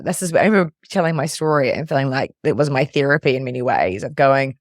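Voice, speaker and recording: A man's voice: fairly high pitch, moderate pace, few pauses, no echo, studio quality. A man hosting a podcast interview, speaking in an affirming, reflective way and often restarting his phrases. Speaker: podcast host.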